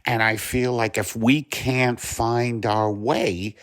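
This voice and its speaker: A hoarse man playing a confused, bumbling patrol cop in a comedy sketch, hesitant and full of uhs. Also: medium pitch, fairly even intonation, slow pace, fairly bright tone, no room sound, studio quality. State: hoarse from bronchitis.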